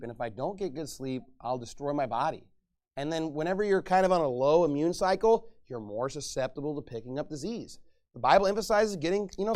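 High-voiced animated male preacher. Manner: animated preaching, acts out quoted voices, laughs. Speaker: pastor. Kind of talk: sermon.

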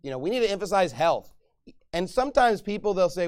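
A middle-aged man preaches a sermon as pastor in a smooth, high-sitting voice, talking a little fast. Conversational and spirited, he acts out quoted voices and laughs now and then.

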